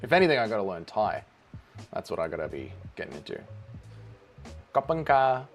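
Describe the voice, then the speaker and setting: A man's voice: on the low side, very animated, fairly quick, faint music behind. A man hosting a casual watch-along livestream, joking around and reading out chat messages. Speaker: livestream host.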